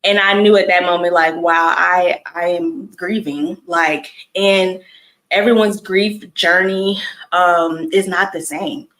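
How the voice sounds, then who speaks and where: A young woman hosting a casual chat, speaking softly and reflectively with many fillers. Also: on the low side, fairly even intonation, slow pace, low-quality recording. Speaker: host.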